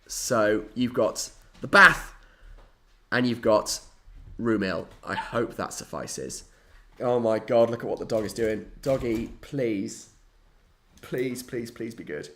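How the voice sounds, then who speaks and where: A young man chatting casually on a live stream, animated and playfully dramatic. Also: mid-range voice, takes it slowly. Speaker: hobby streamer.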